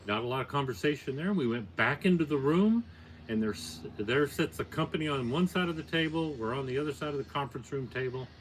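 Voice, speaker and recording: An older man, appearing as a podcast guest, tells a long story casually and matter-of-factly, building to animated peaks. His plainspoken delivery is brisk and mid-range, with a little hiss or hum in the recording.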